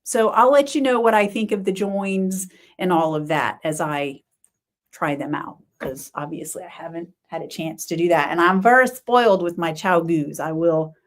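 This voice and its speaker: A woman's voice: lowish voice, moderate pace. Chatty woman hosting a knitting show. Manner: chatty, thinking aloud, exclamations. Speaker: knitting podcast host. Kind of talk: casual livestream chat.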